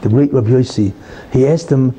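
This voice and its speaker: A man's voice: medium pitch, a little fast, mellow, breathy edge. A man giving a Torah lesson in a conversational way, asking rhetorical questions and explaining terms. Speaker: religious teacher.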